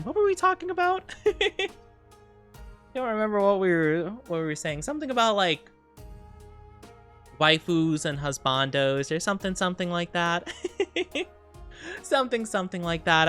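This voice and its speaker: A woman's voice: on the low side, big pitch swings, normal speed, a bit bright, soft background music. Sick, giggly young woman streamer. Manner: giggly, rambling, self-conscious. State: sick, dizzy, under the weather. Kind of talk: casual chat.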